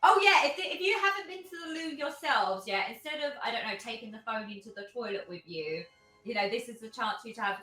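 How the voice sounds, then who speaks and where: A woman's voice: a little high, expressive, fast, sharp tone. A woman hosting a tabletop game stream, chatting in a bubbly, giggly, rambling way. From United Kingdom. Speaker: host and game master. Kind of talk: casual stream chat. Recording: echoey room with faint music.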